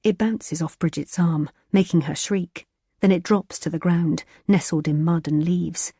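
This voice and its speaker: A woman reading a thriller audiobook in a tense, measured narrating style. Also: fairly low pitch, fairly even intonation, mellow, husky, no echo, clean studio sound.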